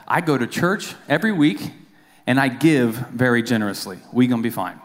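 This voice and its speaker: A man voicing a calm, self-assured wealthy man stranded on an island, in a sermon joke. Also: mid-range voice, brisk, close to an everyday voice. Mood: smug. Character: calm, smug wealthy churchgoer. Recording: long reverb of a church hall.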